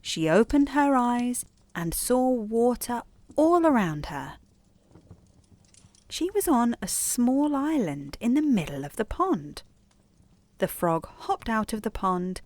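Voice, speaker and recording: A woman reads a calm bedtime story, soft and soothing yet expressive, her voice rising and falling with the tale. She keeps a slow, lulling pace, recorded dry and close. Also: fairly high pitch, dry recording. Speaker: storyteller and podcast host.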